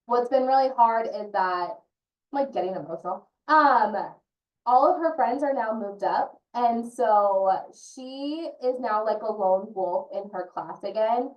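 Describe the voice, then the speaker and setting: A woman's voice: on the high side, unhurried, dull audio. Woman, early childhood consultant, earnest and personal, echoey room, distant from the mic. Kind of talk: presenting in an online training session. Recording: roomy echo from a distant mic.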